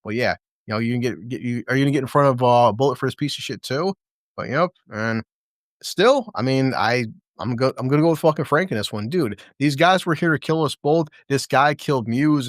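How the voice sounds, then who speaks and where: A man's voice: medium pitch, a little fast, dry recording, studio quality. A man in casual chat recapping a TV episode, swearing freely and acting out the characters' lines. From American Midwest. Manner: profane, animated, acts out lines from scenes. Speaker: podcast host.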